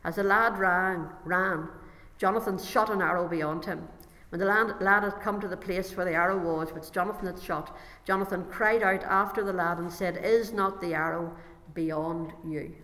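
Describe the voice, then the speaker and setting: A woman's voice: mid-range voice, fairly even intonation, moderate pace, pushed and bright. Woman preaching in an echoing hall. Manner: reads scripture aloud and breaks off to explain it. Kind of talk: sermon with Bible reading.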